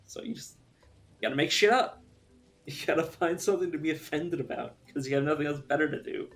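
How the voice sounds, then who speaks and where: A man's voice: a little high, fairly quick, fairly bright tone. A young man chatting casually on a live stream, rambling through his opinions, swearing and laughing often.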